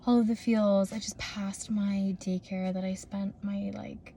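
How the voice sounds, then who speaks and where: A young woman talks into a phone propped up in her parked car, rambling through a casual vlog with plenty of fillers and restarts. Her voice is soft and mellow. A faint hum of ambient noise sits behind her. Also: medium pitch, flat delivery, measured pace. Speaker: vlogger.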